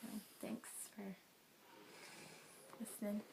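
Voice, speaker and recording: A young adult woman giving an earnest, emotional personal faith testimony, often sighing and dropping to a soft near-whisper. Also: mid-range voice, little pitch movement, slow, creaky, noisy background. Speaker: guest sharing a testimony.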